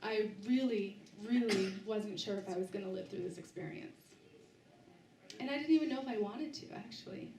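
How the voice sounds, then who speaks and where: A woman's voice: mid-range voice, warm tone, echoey room, recorded from a distance, poor audio. A woman giving a book talk to a live audience, sharing a personal story with many restarts and fillers. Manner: halting, with frequent restarts and fillers. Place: bookstore event space, indoors.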